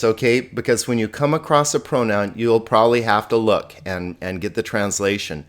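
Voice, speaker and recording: A man teaching a recorded grammar lesson, friendly, repeating forms slowly and asking students questions. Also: lowish voice, lively intonation, fairly bright tone. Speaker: Greek teacher.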